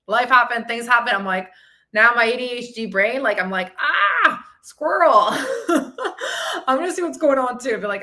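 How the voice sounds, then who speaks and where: A woman's voice: mid-range voice, sharp tone. A woman fitness and mindset coach hosting a live podcast session, chatty and upbeat, talking to viewers and reading their comments. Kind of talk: live-streamed motivational talk.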